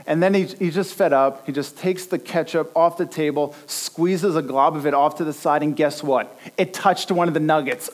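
Casting: middle-aged male pastor, sermon delivery, animated storyteller, voice a bit high. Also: brisk. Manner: animated storytelling, acts out dialogue.

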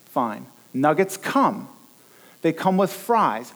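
A middle-aged man preaching a sermon, telling stories with lively, animated delivery and acting out bits of dialogue. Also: mid-range voice, a little slow. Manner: animated storytelling, acts out dialogue. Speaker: pastor.

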